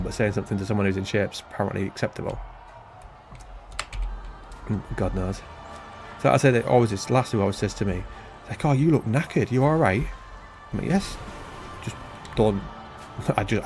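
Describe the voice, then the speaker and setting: A rambling, self-deprecating British man in his thirties talks casually over his gameplay, his voice sitting a little low. He drifts from the game into everyday stories in a loose, chatty flow. Faint game music runs underneath. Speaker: gaming channel host.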